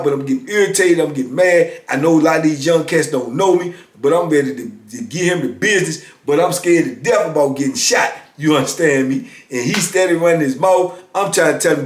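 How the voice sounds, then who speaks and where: A middle-aged man telling a story in a loose, conversational way and often checking in with his listener. His voice sits a little higher than most men's. He is recorded in an echoey room. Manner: conversational, often asks "you know what I'm saying". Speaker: vlogger telling prison stories. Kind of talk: casual storytelling.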